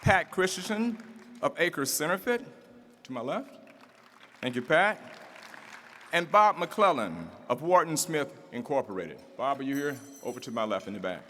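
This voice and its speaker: This man has a fairly high, slightly bright voice and an animated delivery at normal speed. As emcee of a civic event in a large, audience-filled hall, he reads formal introductions and builds to a rousing, rhythmic close, with reverb, faint room ambience and slight background noise.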